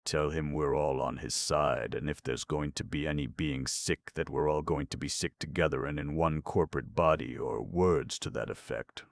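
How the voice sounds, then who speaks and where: A man reading an audiobook, voicing a blunt, kindly gentleman who talks in a gruff, plain-spoken way. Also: very deep voice, moderate pace, hardly any pauses, no room sound. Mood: chatty.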